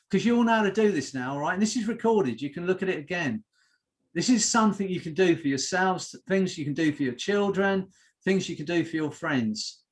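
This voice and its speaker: Male hypnotherapist on a video call, slightly high voice, slow soothing repetitive delivery. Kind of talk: guided group hypnosis session.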